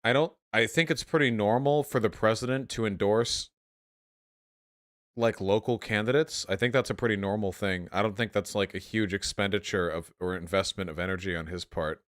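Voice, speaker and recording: A man's voice: on the low side, normal speed, a bit bright. A man casually reacting to clips on a stream, offhand and sarcastic, full of "dude" and "like.". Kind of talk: casual commentary.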